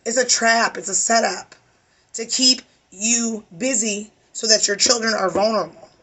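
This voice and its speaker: Woman tarot reader, emphatic and preachy, tired voice, bright and breathy. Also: on the high side, normal speed. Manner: preachy, emphatic, swears casually. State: weary voice. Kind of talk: spiritual tarot reading.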